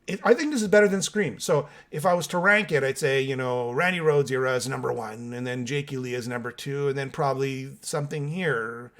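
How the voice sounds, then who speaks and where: Male podcast host, casual and opinionated, talks straight to the audience, ordinary mid pitch. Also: a little fast, hardly any pauses, a bit bright. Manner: opinionated, chatty, addresses viewers directly. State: still waking up with coffee. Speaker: host of a metal music channel. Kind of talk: casual solo podcast reacting and reading comments.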